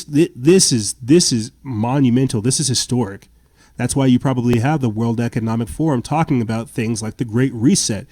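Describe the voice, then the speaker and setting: A man's voice: mid-range voice, dark tone, no room sound. A man hosting a political commentary podcast, reading news reports aloud and adding sarcastic, indignant remarks with stammered restarts. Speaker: podcast host.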